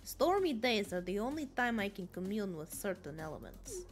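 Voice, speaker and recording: A woman's voice: mid-range voice, big pitch swings, moderate pace, breathy edge, faint music behind. A woman voicing an aloof, mysterious male wizard in a put-on Russian accent.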